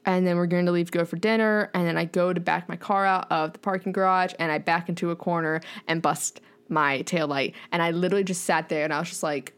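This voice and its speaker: A young adult woman, a podcast guest, telling a rambling, animated story in casual chat and saying "like" often. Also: fairly low pitch, fast, hardly any pauses, clear, resonant tone. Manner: animated, rambling, heavy use of "like".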